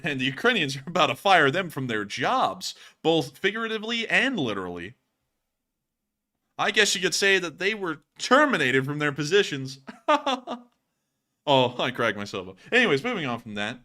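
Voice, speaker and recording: A man's voice: fairly high pitch, pushed and bright. A man hosting a live stream, casually commenting over video clips and cracking jokes. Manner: joking, casual, chuckles at his own puns. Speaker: host of war news stream.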